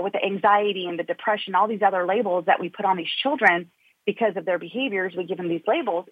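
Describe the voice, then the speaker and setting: A woman's voice: mid-range voice, husky, no room sound. A woman, a guest who coaches parents and children, telling her story in an earnest, motivational way. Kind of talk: personal storytelling in conversation. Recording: tinny phone-line audio.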